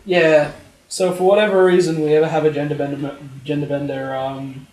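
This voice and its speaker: A man's voice: fairly high pitch, little pitch movement, brisk, a little mellow. A man in his twenties chatting as a podcast guest, swearing and laughing as he talks. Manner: swears, laughs while talking. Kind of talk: casual chat. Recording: echoey room.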